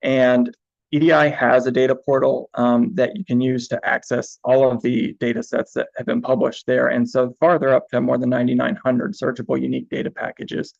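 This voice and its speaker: A man's voice: medium pitch, level tone, fairly quick, gravelly, no room sound. A man giving a presentation on data management as information manager, talking in a hesitant way with many ums and uhs. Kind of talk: recorded presentation. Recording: dull, lo-fi sound.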